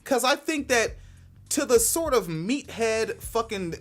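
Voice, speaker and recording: Profane, animated woman podcast host. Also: measured pace. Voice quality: fairly high-pitched voice. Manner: profane, laughing, rambling. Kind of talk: casual podcast chat.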